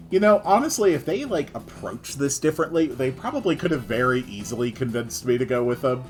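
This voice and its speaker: A man's voice: medium pitch, expressive, a little fast, few pauses, soft background music. A man giving casual gameplay commentary with dry, joking asides. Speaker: let's-play host.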